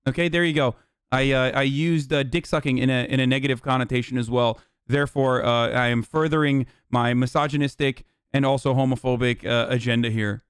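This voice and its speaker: A man's voice: mid-range voice, fairly even intonation, a little fast, smooth, no echo, studio quality. A man in his thirties streaming live, reading his chat aloud and answering it with sarcastic, profane mock outrage.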